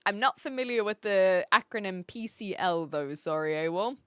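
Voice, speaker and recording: A woman's voice: medium pitch, lively intonation, moderate pace, hardly any pauses, clean tone, no echo, clean studio sound. A woman with a New Zealand accent chatting casually on a live stream, reading out chat messages with a rambling, self-deprecating manner and frequent laughs.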